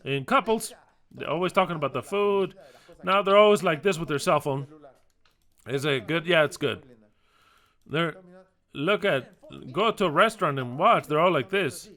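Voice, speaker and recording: Emphatic preaching man, bright voice. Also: fairly high pitch, moderate pace, long pauses. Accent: Spanish. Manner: animated, emphatic, repetitive with frequent restarts. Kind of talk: sermon.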